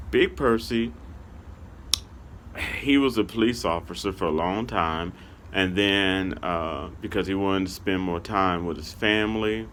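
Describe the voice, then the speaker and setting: Slow, low-voiced man telling a story. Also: a bit bright, a little hiss or hum. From Kansas City, Missouri, US. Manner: rambling, repeats "okay" and "you know". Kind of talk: casual story time.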